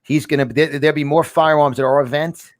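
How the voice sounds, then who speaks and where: A man hosting a talk podcast, speaking excitably with many restarts and repeated words. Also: fairly high pitch, fairly quick, no room sound, clean studio sound. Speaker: podcast host. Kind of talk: casual talk show chat.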